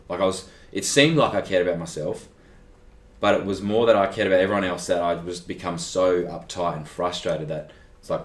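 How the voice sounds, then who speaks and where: A man's voice: low voice, a little fast. A young Australian man, a guest athlete, telling a personal story in a casual interview, acting out conversations and saying "like" a lot. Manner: animated, acts out conversations, frequent "like". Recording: echoey room.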